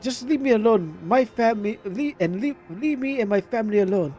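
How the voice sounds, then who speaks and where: A man's voice: high-pitched, animated, normal speed, soft background music, voice pushed up. A man voicing a furious young mother. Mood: fierce. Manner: shouting, sharp and defiant. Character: angry young woman, a fierce protective mother. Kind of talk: reading horror game dialogue aloud.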